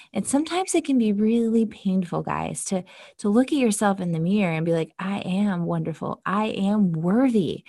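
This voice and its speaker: A woman's voice: mid-range voice, no room sound, clean studio sound. A woman giving a candid motivational talk about self-talk, swearing casually and calling her listeners "guys". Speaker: self-help podcast host. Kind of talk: motivational monologue.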